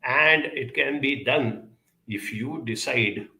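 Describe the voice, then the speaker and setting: Gravelly, bright-voiced man speaking earnestly. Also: mid-range voice. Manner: measured, earnest, builds lists with many pauses and fillers. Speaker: speaker answering audience questions. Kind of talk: advisory talk on relationships and emotions. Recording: echoey room.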